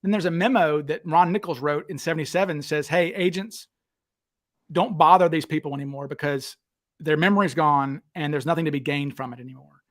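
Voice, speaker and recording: A man hosting a casual chat, retelling stories with lively acted-out quotes. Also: fairly high pitch, a little fast. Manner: animated, acts out quotes with raised voice. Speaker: podcast host.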